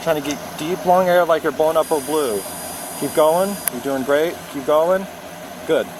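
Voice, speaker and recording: A male police officer at a night roadside stop, talking calmly and steadily as he gives instructions. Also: fairly high pitch, normal speed. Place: outdoors at night by a road. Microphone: body camera. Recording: noisy outdoor bodycam audio.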